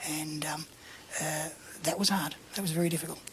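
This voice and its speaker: An Australian man telling a story in a casual interview, acting out the dialogue in an animated way, his voice often breathy and half-whispered. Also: a little high, moderate pace, a little hiss or hum. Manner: animated anecdotal, acts out dialogue. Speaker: interview guest.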